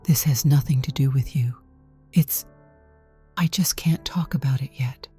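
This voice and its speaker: A woman's voice: deep voice, unhurried, mellow, breathy edge, faint music behind. A woman voicing an anxious, secretive husband who answers in a trembling, evasive way. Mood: tearful. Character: anxious secretive husband, middle-aged man.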